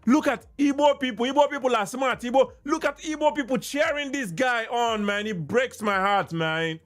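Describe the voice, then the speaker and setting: A man's voice: very high voice, moderate pace, a bit bright. A man with a Nigerian accent, hosting a podcast in impassioned solo commentary, ranting and repeating himself as he mixes in Pidgin. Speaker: podcast host.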